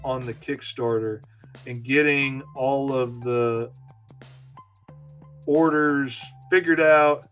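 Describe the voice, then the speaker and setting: A man's voice: medium pitch, fairly even intonation, slow pace, long pauses, a bit bright, soft background music. A man hosting a live comic-inking lesson, chatting casually and rambling in a self-deprecating way while he works and answers viewers. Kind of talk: casual live-stream chat while working.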